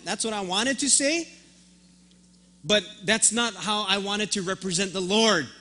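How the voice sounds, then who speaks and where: A man's voice: sits high, moderate pace, sharp tone. A man preaching a sermon as pastor, telling a story and acting out both sides of the conversation, often repeating words as he starts a thought.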